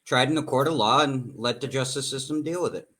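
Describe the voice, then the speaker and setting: A man, the show's producer, chatting calmly and plainly with the host. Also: mid-range voice, brisk, husky. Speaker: show producer. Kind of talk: casual talk show chat.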